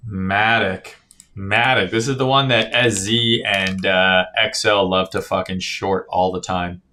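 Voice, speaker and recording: Yawning and tired, this man works through crypto charts on a casual stream, cursing freely, reading chat out loud, and repeatedly adding "right?". He speaks in a low, steady, sharp voice at a measured pace.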